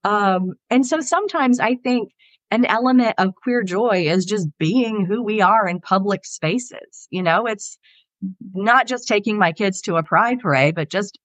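A woman from the Southern US, a guest author on a podcast, telling lively anecdotes in casual conversation. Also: mid-range voice, measured pace, no echo. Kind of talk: casual interview storytelling.

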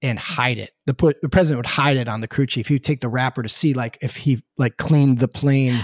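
A middle-aged man from Connecticut tells stories in an animated, laughing way, often breaking off to restart. His voice sits at an ordinary pitch. The recording is close and dry, with no room sound. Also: a little fast, no echo. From Connecticut, USA. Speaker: podcast guest, former presidential helicopter pilot. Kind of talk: casual storytelling chat.

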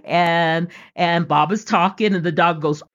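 A woman's voice: fairly low pitch, unhurried. A middle-aged woman hosting a podcast, telling homespun stories and jokes in a casual, folksy way and laughing often. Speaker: podcast host. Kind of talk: casual storytelling monologue. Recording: dull lo-fi recording.

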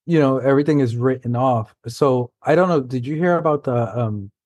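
A man from New York City talks as a podcast guest, telling stories in a halting, loose way. His voice is mellow and of middle pitch, and it sounds dry and close. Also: no room sound. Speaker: guest author. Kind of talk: casual conversation.

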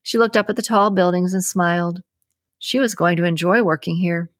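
A woman hosting a podcast, reading a suspense novel aloud in an even, measured way with slight shifts for characters. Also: on the low side, no room sound, clean studio sound. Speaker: podcast host and audiobook reader. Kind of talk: scripted audiobook narration.

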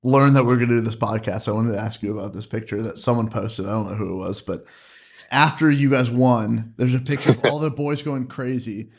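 A man's voice: mid-range voice, a little fast. A man, a coach, asking questions earnestly in a casual podcast chat.

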